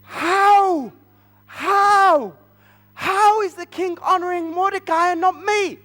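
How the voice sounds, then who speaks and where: A man putting on a shrill, fuming Haman. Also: moderate pace, a bit bright. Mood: forced cheer. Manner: high, strained, forced cheer. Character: Haman, a proud, bitter noble pretending to be cheerful.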